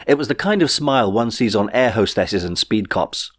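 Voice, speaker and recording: A man narrating his own novel in a wry, measured storytelling way. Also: lowish voice, expressive, a bit bright, no echo, clean studio sound. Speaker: author reading his novel. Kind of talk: audiobook narration.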